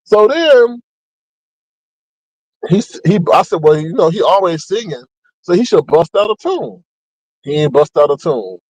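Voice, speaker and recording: Animated man dishing gossip, dry close mic. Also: unhurried, long pauses, no echo, rough recording. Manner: animated, mocking, acts out quotes with big pitch jumps. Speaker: commentary channel host. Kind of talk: casual gossip commentary.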